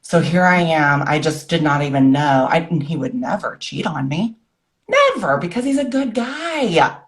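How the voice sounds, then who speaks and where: Speaking on the low side, a guest author in her forties tells her own story with earnestness, hurrying through short phrases and voicing the words of people from her memories.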